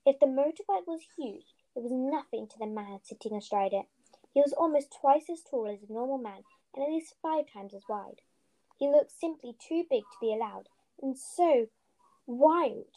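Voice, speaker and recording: A woman reading a storybook aloud in a steady, earnest way, with small restarts. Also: fairly high pitch, rough recording. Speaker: podcast host reading aloud.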